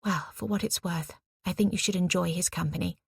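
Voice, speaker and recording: A weary young woman artist , voiced by a woman narrator, speaking in a soft, reserved, gentle tone. Her voice carries a husky, gravelly texture, recorded dry and close. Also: on the low side, fairly even intonation, a little fast, no room sound, heavily acted.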